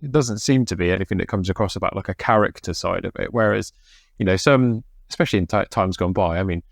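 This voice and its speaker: Low-voiced English man hosting a podcast. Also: fast talker, creaky, no room sound, clean studio sound. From England. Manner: rambling, swears casually. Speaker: podcast host. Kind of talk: casual chat.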